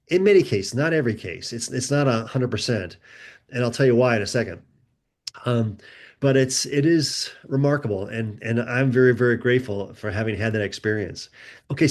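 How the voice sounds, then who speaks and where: Guy guest on a podcast, chatty storyteller, does little voices for people he quotes. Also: mid-range voice. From United States. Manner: animated, acts out quoted voices. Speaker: guest author. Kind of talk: conversational storytelling.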